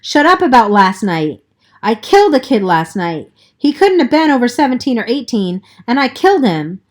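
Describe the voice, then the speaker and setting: A woman reading aloud, voicing a scared, soft-spoken teenage boy on the run in a quavering, miserable tone. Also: a little high, sing-song, normal speed, pitched above the performer's own voice. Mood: anguished. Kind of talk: audiobook reading.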